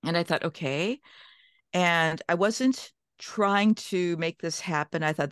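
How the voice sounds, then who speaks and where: A woman's voice: fairly low pitch, takes it slowly, clean tone, no room sound, studio quality. A woman from Minnesota telling a long personal story as an interview guest, chatty, with restarts and quoted inner thoughts.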